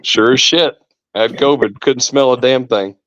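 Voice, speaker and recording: A man's voice: medium pitch, normal speed, fairly bright tone, slight background noise. A man casually telling a rambling story with mild swearing on a podcast. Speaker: podcast co-host. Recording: dull lo-fi sound.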